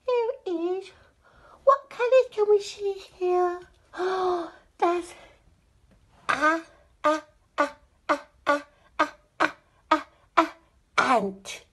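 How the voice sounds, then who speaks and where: A woman's voice: extremely high pitch, drawn-out words, pauses often, exaggerated voice. A woman voicing a cheerful, curious little male toy friend in a children's alphabet sing-along, talking in a sing-song way and gasping with delight.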